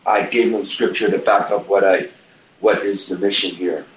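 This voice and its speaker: A man with a low voice calls in, insistent and emphatic. His line sounds roomy, with faint background noise. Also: steady tone, moderate pace, highs cut off. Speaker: caller, street preacher. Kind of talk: phone-in call.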